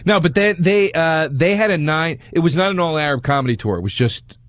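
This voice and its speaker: A man's voice: on the high side, a little fast, a bit bright, dry recording. A man co-hosting a casual chat, telling easygoing anecdotes.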